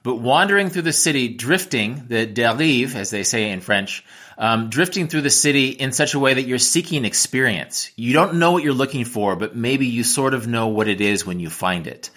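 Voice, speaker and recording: A man's voice: medium pitch, lively intonation, normal speed, fairly bright tone. An American man, a travel writer and teacher, giving reflective interview answers with frequent restarts. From United States.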